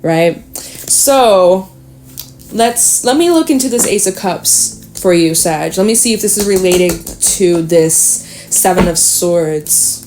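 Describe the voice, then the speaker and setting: A woman giving a casual tarot reading, talking straight to the listener, chatty and swearing freely, animated at times. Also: fairly low pitch, takes it slowly, soft background music. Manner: animated, with sudden laughs and exclamations. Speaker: tarot reader.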